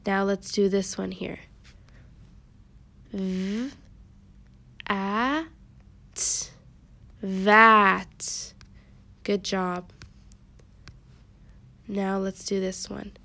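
A woman teaching a kindergarten phonics lesson, sounding out letters slowly and praising the children often. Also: medium pitch, steady tone, vocal fry, sharp tone.

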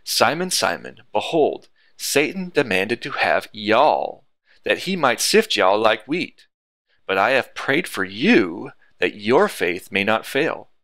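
A man's voice: fairly low pitch, sing-song, slow pace, fairly bright tone, no room sound, heavily acted. A man putting on a Texan scripture reader. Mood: drawling. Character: man reading scripture aloud in a slow Texan drawl.

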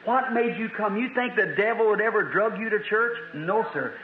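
A man's voice: high voice, moderate pace, slight background noise. A man preaching a revival sermon, telling a story in a fervent, folksy way. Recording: tinny archival hall recording.

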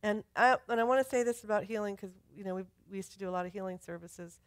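A woman pastor preaches with animated storytelling and reads scripture in rising, emphatic bursts. Her voice sits at a middle pitch. The sound is dry, with little room around it. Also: fast, no echo. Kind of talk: sermon. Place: church sanctuary.

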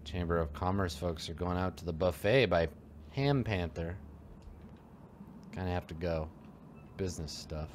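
A man's voice: sits low, moderate pace, long pauses, slight background noise. A man giving wry, self-mocking commentary while playing a video game. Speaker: let's play host.

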